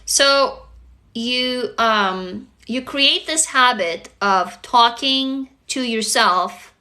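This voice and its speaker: A woman who grew up in Russia talks earnestly to her viewers on a live phone stream. Her voice sits a little high and sounds bright and clear. She coaches them step by step and keeps checking that they follow. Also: drawn-out words. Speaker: livestream host and author. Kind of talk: casual live-stream talk.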